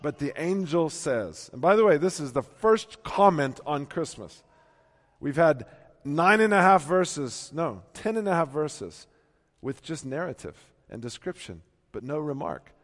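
A male pastor preaching a sermon, swinging from hushed reading to loud emphatic peaks. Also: fairly high pitch, very animated, unhurried. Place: church. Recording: long hall reverb.

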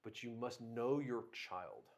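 A man's voice: mid-range voice, sing-song, takes it slowly, gravelly. A man co-hosting a parenting discussion, talking in a firm, instructive way. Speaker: co-host, parent.

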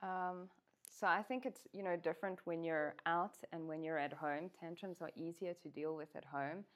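A woman's voice: fairly low pitch, steady tone, normal speed. A woman co-hosting a parenting discussion, speaking in a frank, matter-of-fact way. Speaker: co-host, parent.

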